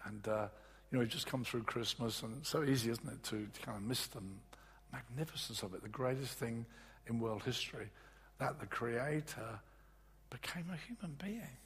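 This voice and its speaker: Male preacher, gravelly and very husky voice, earnest and halting, long hall reverb. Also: medium pitch, a bit bright. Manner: earnest, halting, with many restarts. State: voice recovering from loss. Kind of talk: sermon. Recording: echoey hall.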